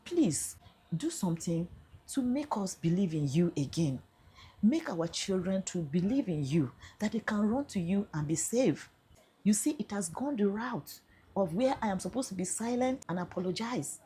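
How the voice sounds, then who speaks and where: A woman's voice: medium pitch, expressive, normal speed, mellow, breathy edge. A middle-aged Nigerian woman telling her own story in an emphatic way, building to passionate appeals. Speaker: vlogger. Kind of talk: personal storytelling.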